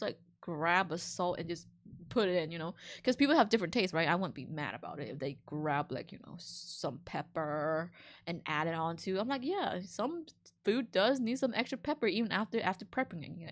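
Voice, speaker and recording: A woman streamer reading an online story aloud and reacting to it with animated, indignant, slangy comments. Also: mid-range voice. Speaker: VTuber streamer.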